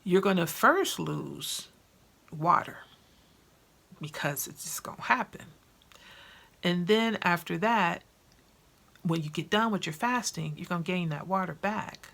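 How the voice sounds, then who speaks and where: A woman chatting to camera in an animated, colloquial way, often acting out conversations. Her voice sits low with a gravelly, husky texture. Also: measured pace, pauses often. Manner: chatty, animated, acts out quotes; colloquial, with slangy grammar. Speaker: vlogger and author. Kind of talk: casual chat to camera.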